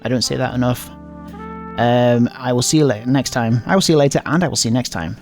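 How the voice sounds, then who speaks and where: A man's voice: mid-range voice, fast, darkish tone, faint music behind. A man playing through a visual novel, reading every line in a playful, exaggerated comedic way.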